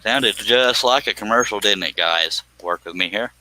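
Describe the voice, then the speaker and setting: A man's voice: fairly low pitch, normal speed, pushed and bright, no room sound, low-quality recording. A man hosting a woodworking live stream, chatting casually and joking as he rambles off topic. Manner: joking, rambling, slips into put-on voices. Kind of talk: casual live-stream chat while scroll sawing.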